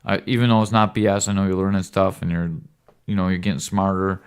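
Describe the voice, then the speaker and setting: This podcast host has a deep, steady, clear and resonant voice and moves at a quick pace. He lectures his son with earnest, rambling fatherly advice in casual talk, cussing occasionally and often checking in with "right?"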